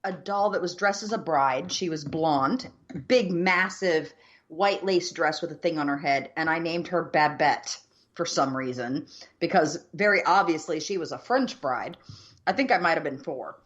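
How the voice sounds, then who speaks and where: A woman's voice: sits low, normal speed. Wry woman on a dull-sounding mic. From United States. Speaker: podcast co-host. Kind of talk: casual chat.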